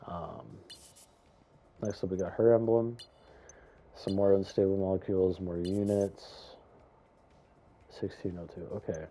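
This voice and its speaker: Casting: young male gaming commentator, deep dark tone, chatty and rambling, faint hum behind. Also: a little slow, long pauses. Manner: rambling, chatty, excited with fillers and stutters. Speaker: gaming YouTuber. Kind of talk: casual gameplay commentary.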